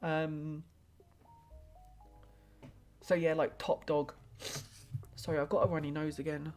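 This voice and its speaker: A woman's voice: low-pitched, little pitch movement, takes it slowly, darkish tone, soft background music. A young woman live-streaming a tarot reading in casual chat, rambling and hesitant with many filler words.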